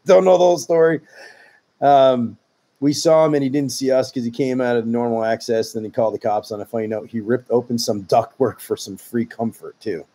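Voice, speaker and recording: A man's voice: mid-range voice, moderate pace. Man reading listener stories on a podcast. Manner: relaxed, reads aloud with asides. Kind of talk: casual podcast storytelling.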